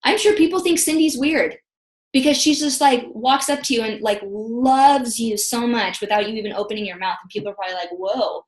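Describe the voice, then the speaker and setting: A woman in her thirties leads a motivational training call, her voice pitched a little high. She talks in a chatty, animated way, acting out quotes as she tells stories. The sound carries some echo from the room on the video call. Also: brisk. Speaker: team leader giving a training call.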